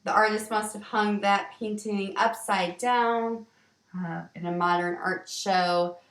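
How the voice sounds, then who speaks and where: A woman teacher walking students through vocabulary words in a slow, explanatory way, with ums and restarts. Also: mid-range voice, fairly even intonation, a bit bright. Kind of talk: vocabulary lesson walkthrough. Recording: roomy, distant from the mic.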